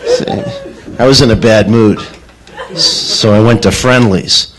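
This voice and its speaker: Deadpan man doing stand-up. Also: on the low side, measured pace, noisy background. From Boston, New England. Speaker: stand-up comedian. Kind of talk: stand-up comedy set. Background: audience laughter.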